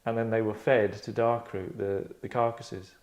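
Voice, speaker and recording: The recording is muffled, and the middle-aged man's voice sits on the low side, level in tone and darkish, at normal speed. As a writer and podcast host leading a casual talk, he rambles, self-interrupts, and acts out quoted lines.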